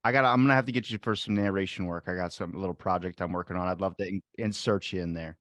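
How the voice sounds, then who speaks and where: A man hosting a podcast, chatting in an animated, easygoing way and laughing often. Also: sits low, fast talker, no room sound. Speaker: podcast host. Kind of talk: casual chat.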